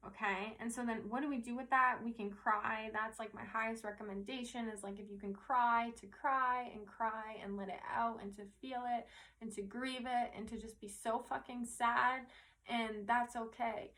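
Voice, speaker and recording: A woman's voice: on the high side, steady tone, moderate pace, pushed and bright. A woman giving a casual, earnest spiritual talk to her viewers, rambling a little, tagging "right?" onto her thoughts and swearing now and then. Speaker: spiritual teacher and intuitive reader.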